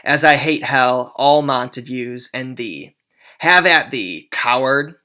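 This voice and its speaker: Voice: medium pitch, slow, bright, forceful tone. A hotheaded young fighter, read by a teacher. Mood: hostile. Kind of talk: reading a play aloud.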